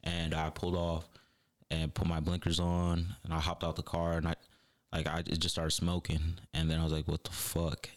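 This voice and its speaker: A man with a very deep, low voice. He tells stories in a loose, slangy way and laughs easily. He is a guest on a casual podcast chat. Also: completely flat delivery, moderate pace. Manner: laid-back storyteller, slangy, laughs often.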